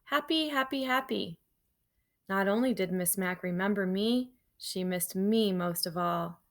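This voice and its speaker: A woman teacher reading a children's novel aloud to her class in a lively storytelling manner, breaking off for casual asides to her students. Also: fairly low pitch, a little slow.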